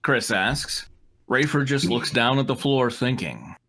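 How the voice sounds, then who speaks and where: A man's voice: mid-range voice, animated, measured pace, sharp tone, slight background noise. A man reading the narration in a comedic live reading, with dry, wry asides. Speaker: narrator reading stage directions.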